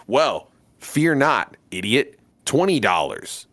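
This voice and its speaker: A man co-hosting a podcast, joking around in casual banter while pitching its membership perks. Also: lively intonation, normal speed, fairly bright tone, dry recording. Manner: jokey, goofy, slips into put-on voices. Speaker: podcast co-host.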